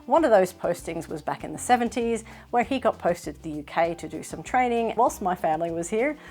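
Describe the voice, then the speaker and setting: A middle-aged woman from Australia with a slightly British-tinged Australian accent, chatting casually to camera as a sewing vlogger, self-deprecating and quick to laugh. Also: lowish voice, lively intonation, a little mellow. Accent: Australian with some British influence.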